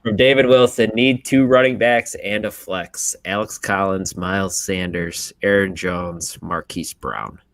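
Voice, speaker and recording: An easygoing man co-hosts a sports podcast and reads out listener questions. His voice sits low, and the sound is dry and close, with no room around it. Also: a little slow, hardly any pauses, a bit bright, no room sound. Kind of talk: casual sports chat.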